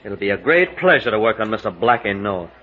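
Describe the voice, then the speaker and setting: A man's voice: fairly low pitch, sing-song, a little fast, slight background noise. An actor in 1940s radio acting, playing a cocky young male sidekick with a Texan accent, breezy and joking, on a dull old radio recording.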